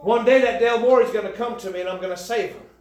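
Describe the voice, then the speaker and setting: A man preaching a sermon, building into shouted emphasis. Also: high voice, fast talker. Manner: impassioned, rising to shouts. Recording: echoey church room.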